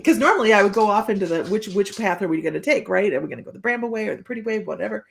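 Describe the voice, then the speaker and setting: A woman's voice: mid-range voice, lively intonation, rapid-fire, creaky. A woman psychic medium giving casual live-stream readings, chatty and rambling, often breaking into laughter.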